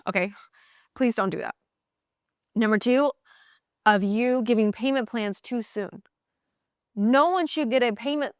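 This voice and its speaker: A woman hosting a podcast, giving blunt, animated sales coaching in a casual motivational talk. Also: fairly high pitch, no echo, studio quality. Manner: blunt, animated, mimics voices in quotes.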